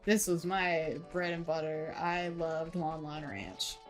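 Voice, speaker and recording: A woman's voice: deep voice, slow, soft background music. A woman playing a game and talking through it in a laid-back, casual way. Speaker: game player. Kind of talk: casual gaming chat.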